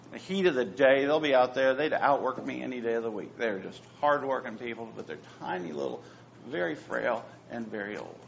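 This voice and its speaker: A pastor preaching a sermon, swinging between hushed, near-whispered phrases and loud, emphatic repetitions. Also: male voice, medium pitch, expressive, a little fast, gravelly, a little hiss or hum. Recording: dull lo-fi sound with faint ambience.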